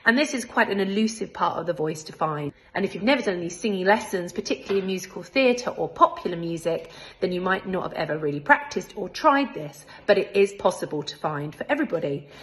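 A woman's voice: lowish voice, lively intonation, fast talker, slight background noise. A woman with a British accent, a singing teacher and choir director, explaining vocal technique step by step in a friendly, encouraging way. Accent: British English. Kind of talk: vocal technique lesson with sung demonstrations.

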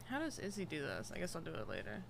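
A woman's voice: deep voice, huge pitch swings, fast, gravelly, noisy background. A young woman livestreaming from home, chatting casually and greeting viewers one by one in a rambling way. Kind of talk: casual chat with live chat. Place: home room, air conditioner running.

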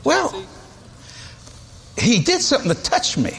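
A man's voice: extremely high pitch, wildly swooping pitch, measured pace, vocal fry, a bit bright, slightly rough. A man, preaching a sermon in a folksy, storytelling way with chuckles. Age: 70s. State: has a cold.

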